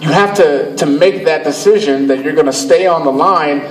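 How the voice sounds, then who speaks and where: A man's voice: on the high side, moderate pace. Emphatic man speaking from across a hall. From Cleveland, Ohio, USA. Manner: emphatic, storytelling, repeats phrases. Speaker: motivational speaker. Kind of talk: motivational speech to an audience. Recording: echoey, far from the mic.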